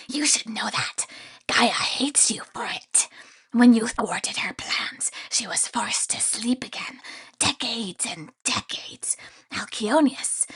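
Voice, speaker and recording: A woman's voice: a little high, a bit bright, husky, full character voice. A woman voicing a sinister male grain spirit in an audiobook, speaking in a hissing whisper.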